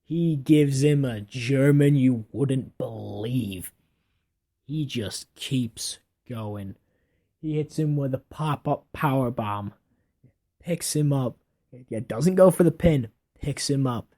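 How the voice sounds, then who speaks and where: A man's voice: mid-range voice, warm tone. A man casually narrating a wrestling match play by play in an offhand way, correcting himself as he goes. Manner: unhurried, offhand storytelling with self-corrections. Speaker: wrestling fan recapping an imagined match.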